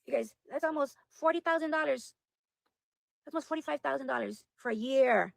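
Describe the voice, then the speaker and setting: A woman's voice: high-pitched, a little fast, vocal fry, dry recording. A woman livestreaming casual chat to her viewers, rambling and exasperated, repeating herself as she talks. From United States. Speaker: livestream host.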